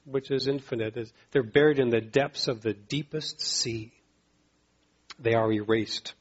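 Male pastor mid-sermon; emphatic, repetitive delivery; husky, muffled recording. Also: a bit bright. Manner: emphatic, repeats phrases, rises in pitch to exhort.

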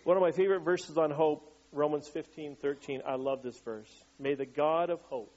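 Conversational pastor with a slightly high voice. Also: male voice, steady tone, normal speed, few pauses, darkish tone, highs cut off. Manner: conversational, asks the congregation questions and answers them. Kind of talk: sermon.

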